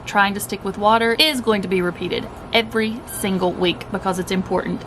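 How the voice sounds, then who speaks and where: A keto vlogger with a medium-pitched voice chats casually to the camera about her day and her food, upbeat and speaking straight to viewers. She's at home, partly outdoors, and there's some background noise.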